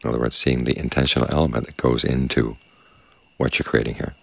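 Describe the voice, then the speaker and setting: Very deep gravelly calm meditation teacher. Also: male voice, no echo. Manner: calm, measured, unhurried. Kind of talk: dharma talk. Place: quiet meditation space with crickets outside.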